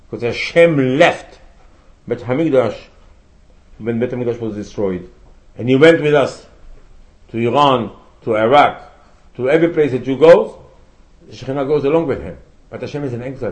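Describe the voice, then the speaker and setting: A rabbi teaches a Torah class in a mid-range voice, speaking at a moderate pace and pausing often. In this religious lecture he asks rhetorical questions and quotes Hebrew sources with emphasis. The recording is rough.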